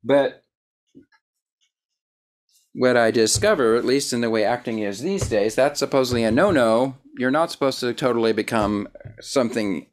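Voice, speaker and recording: A man's voice: mid-range voice, normal speed, pauses often. A man hosting a casual interview, rambling and self-deprecating, full of fillers and restarts. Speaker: host.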